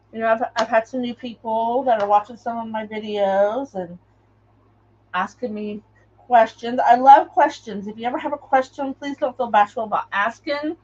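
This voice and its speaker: Chatty high-voiced woman crafting live. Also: darkish tone, muffled recording, slight background noise. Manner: rambling, chatty, greets viewers by name. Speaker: craft livestream host. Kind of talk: casual live chat while crafting.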